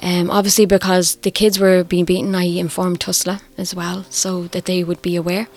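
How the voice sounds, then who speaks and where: A middle-aged Irish woman telling her own story, candid and reflective, quietly emotional. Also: lowish voice, level tone, normal speed. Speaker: interviewee. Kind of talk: personal testimony. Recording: faint music underneath.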